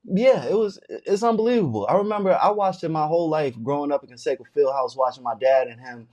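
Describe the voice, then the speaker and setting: A young adult man co-hosting a podcast, telling a story in a relaxed, chatty way. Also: fairly high pitch, fast talker. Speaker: podcast co-host. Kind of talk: casual interview chat.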